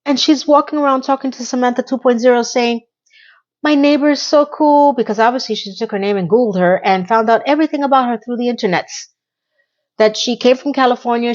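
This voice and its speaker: A woman's voice: on the high side, darkish tone, highs cut off. A woman giving a casual recap of a TV episode, with blunt, exasperated commentary and words she repeats for emphasis. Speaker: TV recap reviewer.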